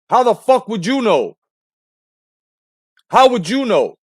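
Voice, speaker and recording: A man hosting a boxing talk show, breaking down a clip with profane, animated commentary and rhetorical questions. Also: high-pitched, takes it slowly, long pauses, slightly rough, dry recording, clean studio sound.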